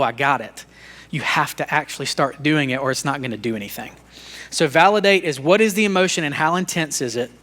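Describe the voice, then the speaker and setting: A man teaches on a faith-based leadership podcast in a relaxed, conversational way. His voice sits a little high and sounds bright and forward. He speaks openly about his own struggles and often repeats words as he finds his thought. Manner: earnest, conversational, self-disclosing; repeats words and restarts sentences. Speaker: podcast co-host.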